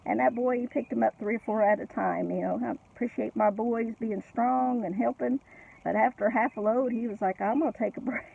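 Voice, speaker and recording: A middle-aged or older woman tells a family story in a chatty way, with frequent laughs and many asides. Her voice has a gravelly fry, and the sound is thin and tinny, like a phone line. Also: a little high, moderate pace. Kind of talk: casual personal storytelling.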